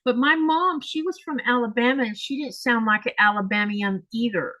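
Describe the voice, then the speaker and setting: Lady in her 60s w florida accent, chatty crafting host, a bit high pitched, wanders off and corrects herself a lot. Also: normal speed, bright, forceful tone, poor audio. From Florida, USA. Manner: rambling, self-correcting with fillers. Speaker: quilting channel host. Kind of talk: casual chat while crafting.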